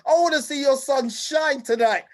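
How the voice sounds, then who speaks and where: High-voiced energetic male event host. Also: moderate pace. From United Kingdom. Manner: energetic hype, repeats "brother" and "King". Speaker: host and presenter. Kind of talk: lively live online event hosting.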